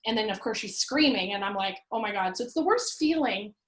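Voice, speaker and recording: A woman, a real estate investor and landlord, telling an animated story about her rental properties, acting out what people said. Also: mid-range voice, brisk, echoey room, poor audio. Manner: animated, acts out her own past quotes. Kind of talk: conversational storytelling.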